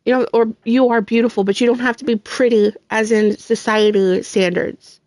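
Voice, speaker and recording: A woman's voice: a little high, fairly even intonation, normal speed, darkish tone, no echo. A woman gaming streamer giving earnest, heartfelt encouragement to her viewers. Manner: earnest, sincere, with faith talk.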